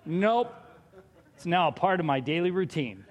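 A man in his thirties preaching a sermon in a conversational, animated way, acting out little quotes as he goes. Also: on the high side, normal speed. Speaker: pastor. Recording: long reverb of a large hall.

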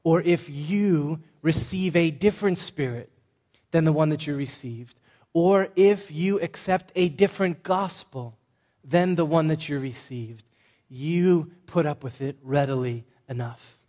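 A man's voice: fairly high pitch, unhurried, mellow. A man preaching a sermon in an emphatic, conversational way, stacking short punchy lists. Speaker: pastor.

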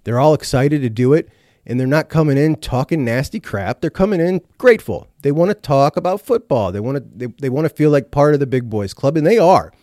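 A man's voice: on the high side, animated, fairly quick, dark tone, no echo, clean studio sound. A middle-aged man from Ohio, hosting a show and giving fired-up, opinionated commentary with frequent swearing. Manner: emphatic, ranting, swears freely. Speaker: podcast host.

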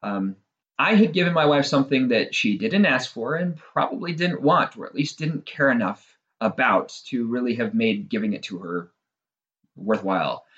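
A middle-aged man talks in a loose, self-deprecating monologue that is full of fillers. His pitch rises and falls in a lively way. The recording sounds dull and lo-fi. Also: moderate pace. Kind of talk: casual monologue.

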